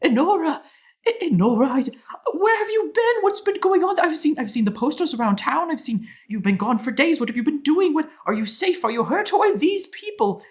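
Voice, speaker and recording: A man's voice: high-pitched, very animated, pitched above the performer's own voice. A man doing a fretting old dwarf mother. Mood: frantic. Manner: frantic, fretting, rapid questions. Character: older female dwarf mother, fussy and doting.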